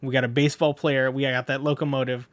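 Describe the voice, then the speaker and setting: A man's voice: mid-range voice, flat delivery, fast talker, no room sound. A man reading a manga aloud and chatting about the pages, correcting himself and laughing at his slips. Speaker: manga reader. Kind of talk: casual manga read-along with commentary.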